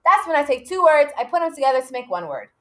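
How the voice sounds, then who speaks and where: A woman teaching young children to write, slowly sounding out words and spelling them letter by letter. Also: high voice, big pitch swings, a bit bright. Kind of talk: modeled writing lesson for young children.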